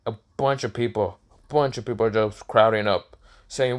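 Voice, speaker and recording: A man's voice: on the low side, steady tone, moderate pace. Rambling young man telling a story. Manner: rambling, self-correcting, many fillers. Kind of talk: casual improvised storytelling.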